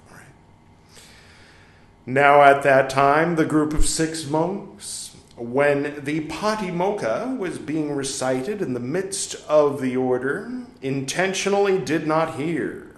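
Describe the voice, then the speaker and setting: Slow, wry man reading scripture. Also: mid-range voice, animated. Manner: wry, joking asides between readings. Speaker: podcast host reading scripture. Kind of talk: reading a text aloud with casual asides. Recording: echoey room.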